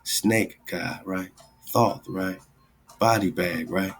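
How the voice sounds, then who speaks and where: Deep gravelly guy hosting a radio show, rambly, says "right?" a lot, faint music behind. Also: fairly even intonation, slow pace. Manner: rambling, repeats "right?" and "man" often. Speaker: radio host. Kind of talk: casual esoteric commentary over screen share.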